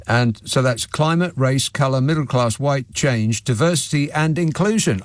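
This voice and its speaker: A man's voice: mid-range voice, normal speed, few pauses, a little hiss or hum. Sardonic male radio phone-in host. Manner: dry, sardonic asides. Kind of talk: talk radio monologue and phone-in. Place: radio studio. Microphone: studio microphone.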